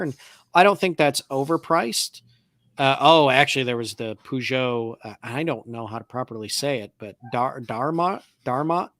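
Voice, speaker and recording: A man's voice: mid-range voice, a bit bright, no room sound, clean studio sound. A man co-hosting a podcast, chatting casually and thinking aloud as he reads through classic car auction results. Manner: knowledgeable about classic cars. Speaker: podcast co-host. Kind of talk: casual chat.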